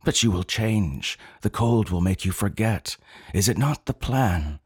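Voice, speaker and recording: A man's voice: on the low side, lively intonation, a little slow, slightly rough, no echo, clean studio sound. A man voicing a young female alien creature who is anxious and pleading. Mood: fearful.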